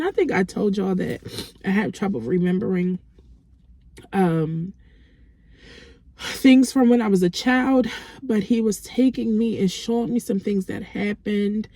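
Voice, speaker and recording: Slow, halting woman sharing a testimony. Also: a little high, a little mellow, no room sound. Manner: halting, reflective, with frequent restarts. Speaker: vlogger. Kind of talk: personal faith testimony.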